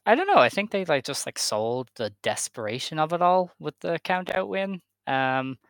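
A man's voice: fairly high pitch, big pitch swings, normal speed, fairly bright tone, no room sound. A man co-hosting a wrestling podcast, recapping matches in casual chat, easygoing and hesitant with many fillers. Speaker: podcast co-host.

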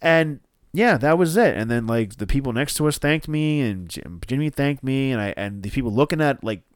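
A man's voice: mid-range voice, expressive, normal speed, smooth, no echo, clean studio sound. A man, co-hosting a podcast and telling a rambling, profane story full of restarts. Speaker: podcast co-host.

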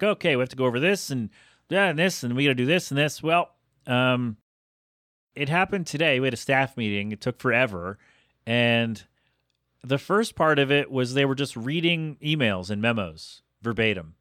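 A man in his thirties hosting his own podcast, rambling quickly and cutting himself off mid-sentence. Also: medium pitch, a bit bright, dry recording, studio quality. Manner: fast, self-interrupting, chatty. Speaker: podcast host. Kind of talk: rambling solo podcast monologue.

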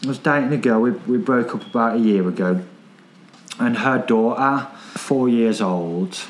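A man's voice: medium pitch, moderate pace. A man, telling stories in casual chat, repeating himself and swearing freely. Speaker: podcast guest.

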